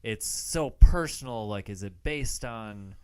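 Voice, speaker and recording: A man co-hosting a podcast, chatting casually about a film and filling in plot details in an unhurried way. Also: fairly low pitch, animated, clear, resonant tone, no room sound. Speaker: podcast co-host. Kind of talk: casual movie-review chat.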